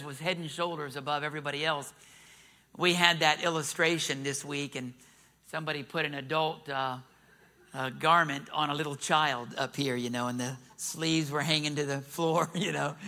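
A middle-aged man preaching a sermon, emphatic, calling out for amens and shifting between loud declarations and soft asides. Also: a little high. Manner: emphatic preaching with rising calls for amen. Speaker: pastor.

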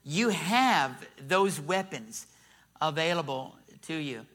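Middle-aged man preaching; bright, tense timbre, emphatic sermon voice. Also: a little high, expressive, takes it slowly. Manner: emphatic preaching with rising calls for amen. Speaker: pastor.

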